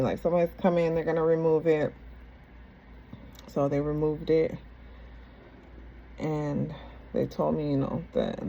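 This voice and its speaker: A woman candidly retelling a personal story in a casual, halting, conversational way. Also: sits low, warm tone, dull audio, slight background noise.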